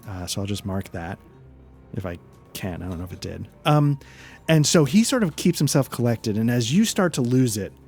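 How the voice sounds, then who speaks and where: A man narrating as game master, relaxed and hesitant, with frequent fillers. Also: mid-range voice, moderate pace, creaky, soft background music.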